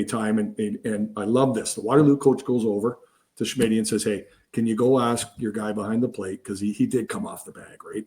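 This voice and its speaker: A middle-aged man, co-hosting a casual sports podcast and telling umpiring stories in an animated way, often restarting his sentences. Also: fairly low pitch. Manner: animated storyteller, many restarts. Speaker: podcast co-host, baseball umpire. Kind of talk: casual storytelling chat.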